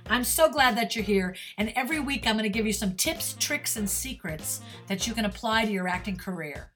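A woman's voice: fairly high pitch, animated, brisk, music in the background. A woman hosting a podcast as a talent manager, interviewing her guest in a friendly, affirming manner.

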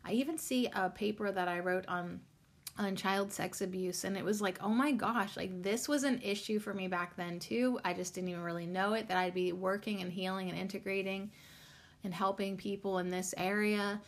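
A woman's voice: medium pitch, steady tone, normal speed. A woman hosting her own podcast, talking in a chatty, rambling way with many ums and the odd curse word. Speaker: podcast host. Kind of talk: casual solo podcast chat.

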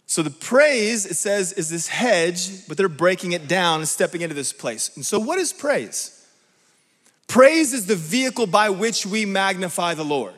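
A man preaching a sermon in an emphatic way, often checking in with his listeners with quick rhetorical questions. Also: high voice, a bit bright. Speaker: pastor. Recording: long reverb from a large hall.

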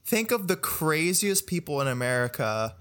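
A man's voice: a little high, big pitch swings, normal speed, a bit bright, clean tone. A man co-hosting a podcast in casual chat, speaking eagerly and stretching words for emphasis. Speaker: podcast co-host.

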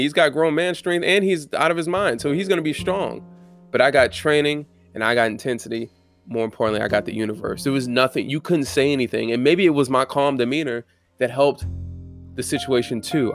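A young man giving a casual, blunt, profane motivational monologue with fervent conviction. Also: mid-range voice.

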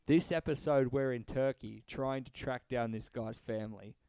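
A man's voice: medium pitch, normal speed, a little mellow, smooth, no echo. A man co-hosting a comedy podcast, casual and joking, laughing often and swearing. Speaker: podcast co-host.

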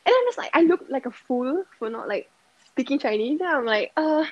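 A young woman from Singapore with a Singaporean English accent, chatting as a podcast guest and telling animated stories with lots of laughter and fillers. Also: high-pitched, fairly quick, dry recording, dull audio. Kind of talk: casual chat, storytelling.

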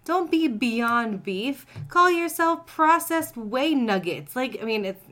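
A woman co-hosting a podcast in casual chat, opinionated and animated, slipping into mock voices to make her point. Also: high voice, takes it slowly. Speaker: podcast co-host.

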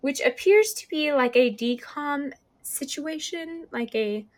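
Speaking slowly in a high-pitched voice, a young woman goes over upcoming releases as host of a casual podcast. Her delivery is chatty and sprinkled with fillers.

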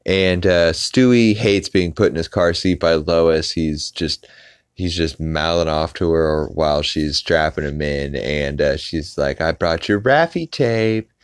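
Brief: deep-voiced male podcast host, rambling casual recap, dry recording. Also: flat delivery, a little slow, clean tone, no room sound. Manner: rambling with many filler "uh"s.

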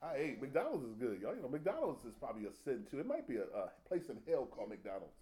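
A man's voice: mid-range voice, fast. A man preaching a humorous, conversational sermon full of folksy slang and laughter. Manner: animated, jokey, laughs often, folksy slang.

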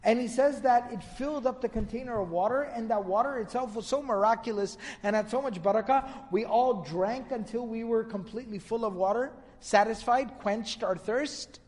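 A man's voice: extremely high pitch, fairly quick, hardly any pauses, a little mellow, in a large hall. A man giving a religious lecture, retelling narrations in a storytelling manner and quoting Arabic. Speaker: Islamic lecturer.

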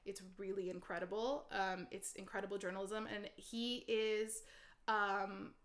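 A woman co-hosting a casual political chat podcast, chatty and animated, with many "like"s. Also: mid-range voice, unhurried. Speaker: podcast co-host.

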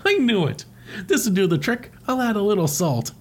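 Guy doing a dopey polite octopus, higher voice. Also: sing-song, normal speed. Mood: trusting. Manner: innocent and polite. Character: naive, trusting male octopus.

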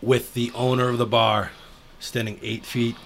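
A man in casual podcast chat, telling a story from working as a bouncer, dropping low and quiet as he tells it. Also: little pitch movement, normal speed. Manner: laid-back, drops low and quiet when telling a story. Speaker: podcast co-host; former bouncer.

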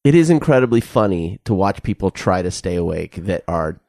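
Low-ish guy cohosting a podcast, laid back, lots of ums, super dry sound. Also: very animated, a little fast, vocal fry, darkish tone, dry recording. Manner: laid-back, hesitant, many fillers. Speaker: podcast co-host. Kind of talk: casual chat.

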